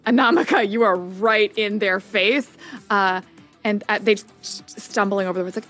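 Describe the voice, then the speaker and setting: A woman's voice: medium pitch, steady tone, fairly bright tone, soft background music. A woman narrating as game master of a tabletop game stream, chatty and full of ums. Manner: chatty, lots of ums, quick asides.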